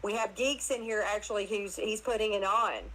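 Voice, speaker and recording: A woman guest telling casual stories in an animated way, laughing often and acting out other people's voices. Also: mid-range voice, moderate pace, low-quality recording. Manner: animated, laughs often, acts out her mother's voice. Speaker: interview guest. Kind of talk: casual storytelling chat.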